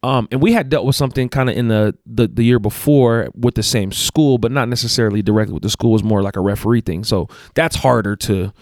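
Low-voiced man telling a story. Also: fast, few pauses, a little mellow, dry recording, studio quality. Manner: rambling, restarts and self-corrections. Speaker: guest, basketball coach and athletic director. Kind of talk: casual storytelling.

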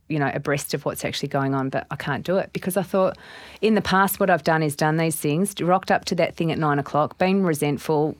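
A woman's voice: low voice, no room sound. A middle-aged Australian woman, a business owner and guest, telling stories in a casual interview and acting out her own thoughts. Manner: animated storytelling with quoted inner voices.

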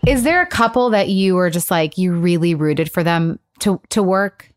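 A woman's voice: fairly low pitch, animated, moderate pace, faint music behind. A woman from Michigan co-hosting a podcast, chatting casually with many fillers and frequent laughs. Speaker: podcast co-host. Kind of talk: casual chat.

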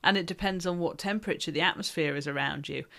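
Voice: mid-range voice, fast, gravelly, sharp tone. A podcast co-host in casual chat, agreeing often and adding short remarks. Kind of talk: casual chat recapping a baking show.

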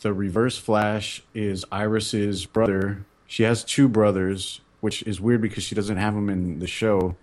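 Low-voiced man rambling on a panel. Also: flat delivery, darkish tone. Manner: halting, full of restarts and fillers. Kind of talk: casual panel chat.

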